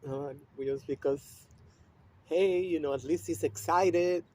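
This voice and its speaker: A man speaking in a loose, rambling monologue with a steady stream of fillers and swearing. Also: fairly high pitch, takes it slowly, slight background noise. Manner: rambling, profane, with frequent fillers and laughs. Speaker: vlogger. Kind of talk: casual monologue.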